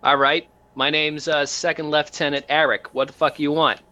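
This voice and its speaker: A man's voice: fairly high pitch, little pitch movement, moderate pace, bright, forceful tone, dull audio, pitched above the performer's own voice. Man doing a brusque cyborg guard lieutenant. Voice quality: brusque and swearing.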